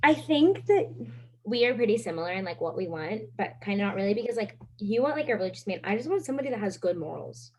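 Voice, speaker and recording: A woman's voice: medium pitch, big pitch swings, fast talker, a little mellow, slight background noise. 19-year-old woman chatting casually. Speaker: podcast guest. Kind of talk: casual chat.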